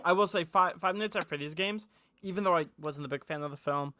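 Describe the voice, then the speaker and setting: A young man hosting a casual group chat on his film channel, excitable and swearing often. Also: a little high, a little fast, no echo, studio quality.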